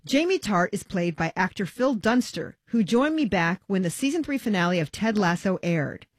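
A woman hosting a radio interview show, talking in a lively, conversational way with an easy sense of fun. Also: medium pitch, normal speed, no room sound. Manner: lively, conversational, plays up surprise.

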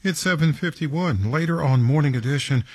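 A man hosting a radio newscast, reading announcements in a crisp, formal way. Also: fairly high pitch, moderate pace, a little mellow, faint music behind. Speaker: newscast host. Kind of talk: news announcement.

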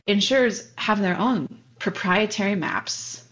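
A woman policy expert explaining clearly in a recorded news interview clip. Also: mid-range voice, a little slow, a bit bright, muffled recording.

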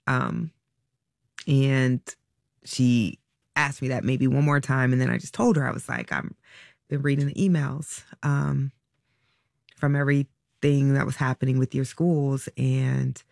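A woman being interviewed as a parent, talking in a halting, reflective and soft-spoken way about personal choices. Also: a bass voice, fairly even intonation, vocal fry, no echo, clean studio sound. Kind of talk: emotional personal recollection.

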